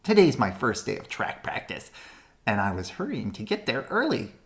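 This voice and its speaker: A woman voices a cheerful spotted girl rushing off to track practice. She sounds bright, friendly and reassuring. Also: rumbling low, sing-song, heavily acted.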